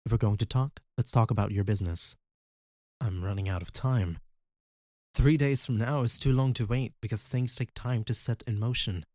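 A man's voice: on the low side, normal speed, a little mellow, no room sound, clean studio sound, lightly acted. A man voicing an earnest armored male hero who presses a therapist for time, in an audiobook. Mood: urgent.

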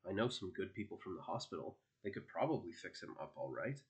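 A man's voice: low voice, sing-song, fairly quick. A man voicing a sarcastic, moralizing teenage girl healer in an audiobook, lecturing firmly.

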